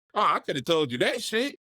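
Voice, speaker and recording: A man's voice: high voice, pushed and bright, no room sound. Podcast guy cracking jokes and laughing, aave, voice bounces all over, dry mic. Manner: laughs a lot, chimes in with jokes. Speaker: podcast co-host. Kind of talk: casual banter.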